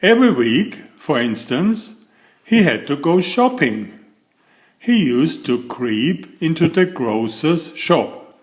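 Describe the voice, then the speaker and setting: A man reads a children's picture book aloud at a very slow, deliberate pace. His voice swoops up and down with lively expression as he draws the young listener in playfully. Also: mid-range voice. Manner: animated, drawn-out, playful to children. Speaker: storybook reader.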